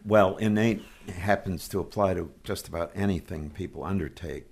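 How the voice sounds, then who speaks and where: Older man with a very low gravelly voice. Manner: thoughtful, measured, gently dry. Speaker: guest orchestrator. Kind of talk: reflective interview talk.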